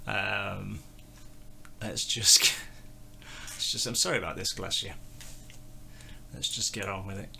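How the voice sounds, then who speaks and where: A man's voice: fairly low pitch, steady tone, slow, creaky, long pauses, noisy background. Rambling man hosting a music chat. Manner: rambling, self-deprecating, chuckling. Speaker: host. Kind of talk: casual music review chat.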